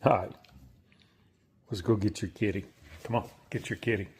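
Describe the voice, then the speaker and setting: A man's voice: fairly low pitch, fairly even intonation, moderate pace, darkish tone, slight background noise. A man filming his pets and coaxing them in a teasing, playful voice, swearing casually as he goes. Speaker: pet-owning video creator.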